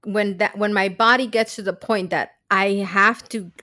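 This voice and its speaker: A woman's voice: mid-range voice, steady tone, moderate pace, pushed and bright, no echo, clean studio sound. A woman guest in a casual podcast conversation, speaking reflectively and searching for her words.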